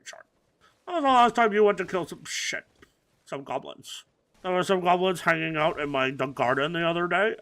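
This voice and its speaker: Male gamer commentator, slightly higher voice, rambling absurd crude humor, mumbles then bursts out loud. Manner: swings between mumbling and loud outbursts. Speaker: gaming commentator. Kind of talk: let's play commentary.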